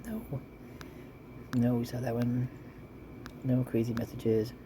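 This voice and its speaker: A woman's voice: very deep voice, level tone, takes it slowly, noisy background. A woman chatting casually and rambling as she reads out local police reports, at times chewing while she talks. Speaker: vlogger reading police reports.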